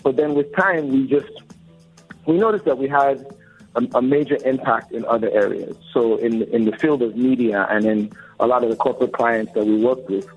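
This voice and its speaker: A man's voice: mid-range voice, moderate pace, slightly rough. A man in his forties, a record label co-founder, talking earnestly and reflectively as an interview guest. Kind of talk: casual interview talk. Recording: dull lo-fi audio with faint music.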